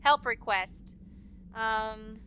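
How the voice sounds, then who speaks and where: A chatty woman co-hosting a let's play, giggling and musing as she plays. Her voice is a bit high and bright. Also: drawn-out words, a little hiss or hum. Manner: chatty, giggly, theorizing aloud. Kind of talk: casual gaming chat.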